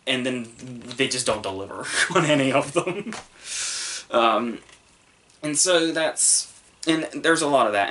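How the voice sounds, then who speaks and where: Young male podcast host, offhand rambling review delivery, mid-pitched voice. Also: fairly bright tone. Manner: rambling, frequent ums and restarts, swears, laughs often. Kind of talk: casual solo review.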